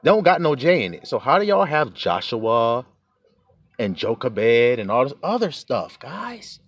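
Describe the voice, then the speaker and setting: Animated, profane preaching man. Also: medium pitch, a little slow, dry recording. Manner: profane, emphatic, chuckles often. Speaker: religious teacher. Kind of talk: informal preaching rant.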